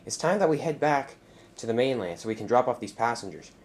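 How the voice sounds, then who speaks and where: A man voicing a brisk, businesslike male pilot. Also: medium pitch, lively intonation, a little hiss or hum, lightly acted.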